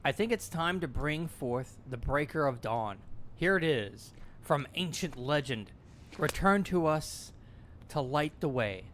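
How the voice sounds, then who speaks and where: A man's voice: on the high side, expressive, unhurried, a bit bright, a little hiss or hum. A man reading viewers' questions aloud in a casual, joking way. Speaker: co-host reading chat questions. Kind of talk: casual chat.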